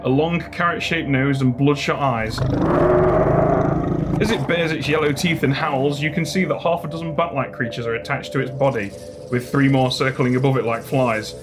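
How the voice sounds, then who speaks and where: A man running a tabletop game as dungeon master, narrating scenes calmly and patiently explaining the rules. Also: mid-range voice, normal speed, loud music behind the voice. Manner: calm descriptive storytelling, explains rules patiently.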